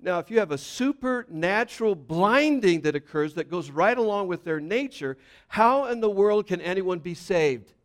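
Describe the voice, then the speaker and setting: A man preaching a sermon, reading scripture and explaining it, building to loud emphatic points and dropping to quiet, low passages. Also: animated, moderate pace, hardly any pauses. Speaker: pastor.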